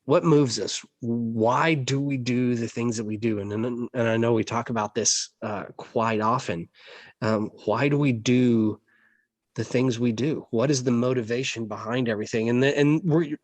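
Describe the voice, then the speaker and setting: A man's voice: mid-range voice, steady tone, normal speed, no room sound. An American man co-hosting a casual podcast, easygoing and loose in his speech. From United States. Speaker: podcast co-host.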